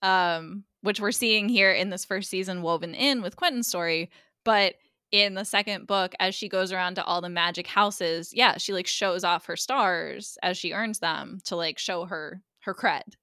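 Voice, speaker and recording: A woman guest co-host casually recapping a TV episode on a podcast, chatty and quick to act out characters' lines. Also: on the low side, bright, forceful tone, clear, resonant tone, dry recording, studio quality.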